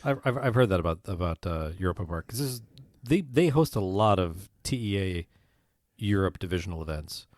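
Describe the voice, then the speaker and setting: A man co-hosting a podcast, cracking wise in quick, rapid-fire banter. His voice sits on the low side, and the close dry mic picks up no room at all. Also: expressive, a little mellow, dry recording. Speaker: podcast co-host. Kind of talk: casual chat.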